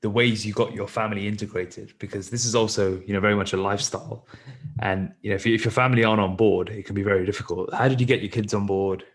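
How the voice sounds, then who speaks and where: Male host, low voice, quick delivery, brisk, encouraging interviewer. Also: steady tone. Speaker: podcast host. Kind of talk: interview questions.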